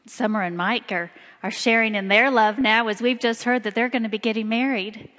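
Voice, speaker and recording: A woman in her forties from Indiana, giving a personal talk in church with slow, emphatic storytelling. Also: fairly high pitch, steady tone, a bit bright. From Indiana, USA. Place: church sanctuary. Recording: long hall reverb.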